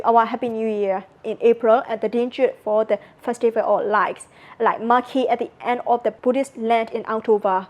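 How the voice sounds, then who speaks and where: A woman with a Burmese accent, a native Burmese speaker, teaches a recorded conference lesson in a slightly high voice. She goes over every word patiently, repeating it several times and spelling some out letter by letter. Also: warm tone, lo-fi sound. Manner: repetitive, spells out words letter by letter. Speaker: language teacher.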